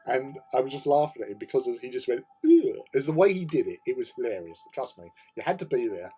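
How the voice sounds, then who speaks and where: A man's voice: mid-range voice, expressive, fast, mellow, slightly rough, soft background music. A middle-aged British man hosting a hobby chat, telling a rambling story, laughing often and swearing casually. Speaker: hobby channel host.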